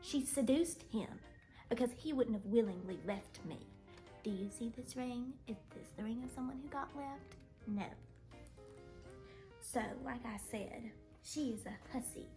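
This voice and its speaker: Brief: woman playing a theatrical rich jilted wife, high voice, over-the-top. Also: unhurried, music in the background, natural voice. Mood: boastful, aggrieved. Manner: theatrical, swings from prim boasting to shrieking hysterics. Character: melodramatic rich jilted wife, middle-aged, vain. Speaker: reality show cast member being interviewed.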